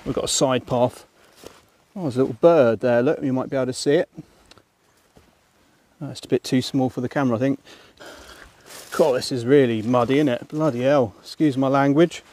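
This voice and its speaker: A man's voice: medium pitch, steady tone, normal speed, pauses often, a little mellow. A man walking a muddy woodland path outdoors, chatting to viewers in a casual commentary with muttered asides and mild exclamations. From England. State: panting while climbing a muddy hill. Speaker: walking vlogger.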